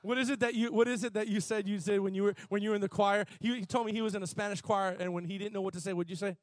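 A man preaching a sermon, repeating words and drawing out phrases, building from quiet emphasis to shouted fervor. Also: high voice, fairly even intonation, racing, no room sound.

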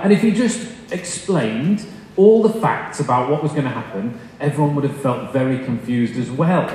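Animated, at a moderate pace, with a medium pitch and darkish tone, a young man tells funny, self-deprecating stories in a chatty sermon before reaching the scripture. The recording carries an echoey hall's long reverb and faint noise.

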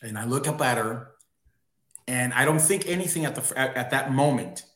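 A man's voice: medium pitch, moderate pace, a bit bright. A man, a guest on a talk show, earnestly telling a personal story. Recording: roomy echo on his voice.

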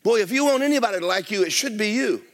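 A man preaching a sermon as pastor, swinging from loud exclamations to hushed, near-whispered lines. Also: sits high, expressive, fast talker.

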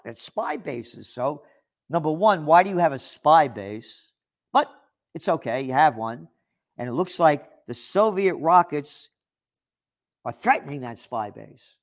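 A man delivering an opinion monologue, reading out news articles and rebutting them in a sarcastic, indignant tone. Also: on the high side. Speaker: political commentator.

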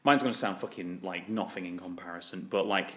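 A man's voice: sits low, a little fast, a bit bright. A man hosting a podcast, chatting in a rambling way, swearing a lot and laughing often. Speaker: podcast host. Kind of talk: casual chat.

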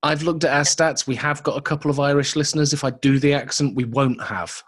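A man's voice: fairly high pitch, fairly even intonation, brisk. A man co-hosting a casual podcast, bantering and swearing freely as he reads out news items. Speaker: podcast co-host. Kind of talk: casual chat.

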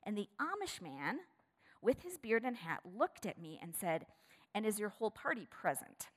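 A woman preaching a sermon, telling a story with animation and then turning hushed and prayerful. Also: medium pitch, big pitch swings, moderate pace. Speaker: pastor. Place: church sanctuary. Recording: long reverb of a large hall.

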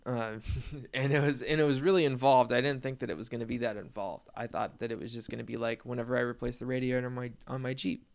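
A man's voice: medium pitch, fairly even intonation, quick pace, gravelly, few pauses. A man telling a long, rambling story in a casual monologue, swearing freely and laughing at himself. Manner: rambling, profane, self-deprecating storytelling with laughs.

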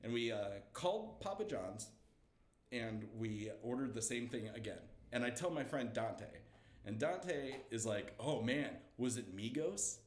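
A young man telling a story as a guest, lively and laughing, acting out the quotes. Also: medium pitch, measured pace, echoey room. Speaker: comedian guest. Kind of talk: animated storytelling.

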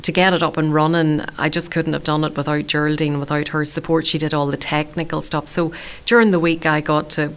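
A woman in her late thirties talks through her story in a low, even voice, clear and smooth. She is chatty and self-deprecating, a community radio food presenter being interviewed. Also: fairly quick.

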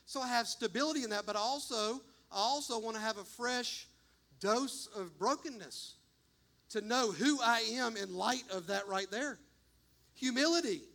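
A man's voice: very high-pitched, normal speed, sharp tone. A man preaching a sermon in a church, fervent and direct, calling the congregation "y'all". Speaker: pastor. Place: church sanctuary.

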